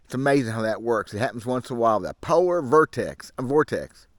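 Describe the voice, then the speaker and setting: A middle-aged man with a drawl talks to his camera out in the woods in a loose, grumbling ramble. His folksy, frank delivery sits at an ordinary pitch. The sound is dry, with little room around it. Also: expressive, fairly quick, no echo. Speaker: fishing channel host. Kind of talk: casual rambling monologue to camera. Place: outdoors in the woods. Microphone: camera mic.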